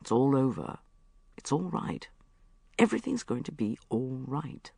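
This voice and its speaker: A narrator doing a polite, awkward gentleman. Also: medium pitch, very animated, a little slow, gravelly, dry recording, pitched below the performer's own voice, exaggerated voice. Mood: soothing. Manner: polite, hesitant, with ums.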